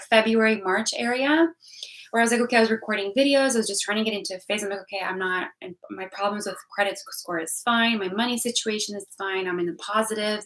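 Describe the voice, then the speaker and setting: A woman's voice: medium pitch, fairly bright tone, poor audio. A young woman vlogging candidly about a hard year, rambling emotionally with many restarts and repeated words. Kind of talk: candid personal vlog talk.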